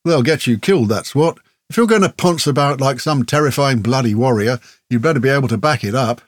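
A man voicing a small, amused male wanderer of about fifty who mocks calmly. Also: medium pitch, a little fast, dry recording, studio quality, close to an everyday voice. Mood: mocking. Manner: amused, mocking, unbothered.

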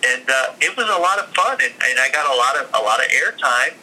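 A man in a casual interview, telling stories in a lively, chatty way with lots of fillers. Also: mid-range voice, fairly quick, low-quality recording. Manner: animated, acts out other people's lines. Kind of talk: casual storytelling.

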